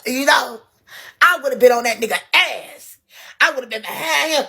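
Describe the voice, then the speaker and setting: A woman acting out a hot-tempered young woman who yells and wails in shrill outbursts. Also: moderate pace, vocal fry, husky, exaggerated voice. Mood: boastful.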